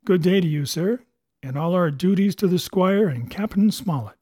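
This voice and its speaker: A man's voice: high voice, lively intonation, moderate pace, darkish tone, dry recording. A man voicing a shrewd, wheedling pirate cook who speaks in a folksy sailor's dialect. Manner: folksy sailor's dialect, coaxing then roaring.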